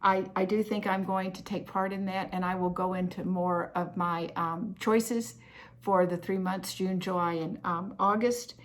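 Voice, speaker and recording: A woman's voice: fairly low pitch, steady tone, measured pace. A woman hosting a cross-stitch vlog, chatting in an effusive, heartfelt way about gifts she received. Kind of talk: casual chat showing happy mail.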